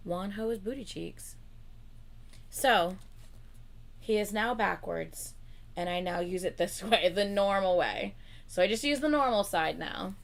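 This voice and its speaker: A woman's voice: mid-range voice, unhurried, vocal fry, long pauses. Rambling young woman chatting on a livestream. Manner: rambling, lots of "like" fillers, laughs between lines. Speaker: livestream co-host. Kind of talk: casual livestream chat.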